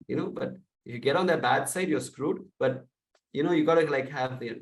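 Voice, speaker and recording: A man coaching salespeople, speaking loudly and with energy and acting out sample calls. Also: medium pitch, fairly quick, roomy sound, recorded from a distance, poor audio. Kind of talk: sales training talk.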